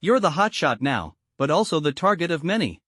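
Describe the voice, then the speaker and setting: A man reads a grave old mentor in a storybook recap, warning a young man of hidden dangers. The delivery stays serious while the pitch still moves lively. The sound is dry and close. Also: a little fast, no room sound. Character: grave old male elder, cautious mentor.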